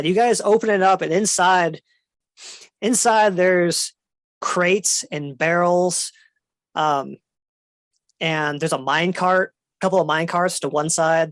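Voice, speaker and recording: A man narrating as game master of a tabletop game, relaxed and descriptive with fillers. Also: a little high, slow pace, no room sound.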